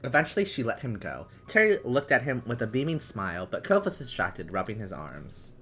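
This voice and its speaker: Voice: mid-range voice, sing-song, a little fast, a bit bright, faint music behind. A host narrating an interactive story in second person, laughing now and then while reading.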